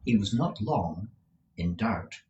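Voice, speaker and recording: A man reading a classic novel aloud as an audiobook narrator, slow and expressive. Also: lowish voice, roomy sound, dull audio, a little hiss or hum. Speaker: audiobook reader. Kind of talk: scripted narration.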